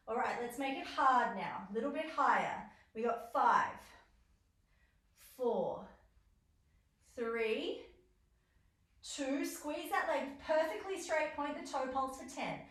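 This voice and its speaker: A woman's voice: a little high, measured pace, a bit bright. A young adult woman leading a stretching class, counting reps and giving encouraging cues. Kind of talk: guided exercise class instruction. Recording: roomy echo, voice from far off.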